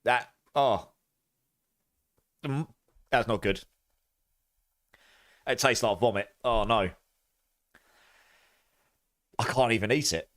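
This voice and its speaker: A man streaming a game live, chatting with viewers in a casual, animated way and groaning through reactions. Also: medium pitch, slow, pauses often.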